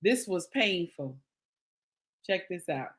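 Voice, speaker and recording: Slow, drawling woman reacting to clips. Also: on the low side, expressive. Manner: drawling, emphatic, repeating lines for effect with hums of agreement. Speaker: reaction video host. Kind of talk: reaction commentary, reading viewer comments aloud.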